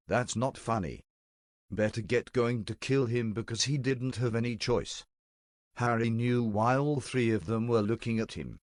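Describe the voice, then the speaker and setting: A man narrating a storybook-style tale in a steady, deadpan reading voice, close to the mic. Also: mid-range voice, no room sound.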